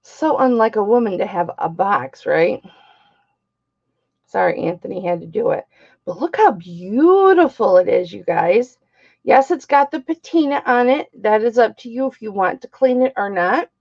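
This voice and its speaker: A woman's voice: medium pitch, expressive, moderate pace, creaky, darkish tone, muffled recording. A middle-aged woman hosting a live-stream jewelry auction, chatty and bawdy, greeting viewers by name.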